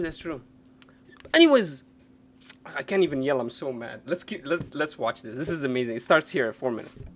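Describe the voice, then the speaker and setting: A man live-streaming a reaction to videos, cursing and mocking what he watches, going from low mutters to loud outbursts. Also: vocal fry, slight background noise. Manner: profane, mocking, swings between muttering and yelling.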